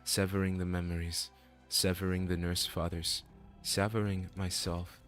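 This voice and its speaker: A man's voice: sits low, flat delivery, moderate pace, fairly bright tone, soft background music. A man giving a solemn, theatrical reading of game dialogue as a voice actor.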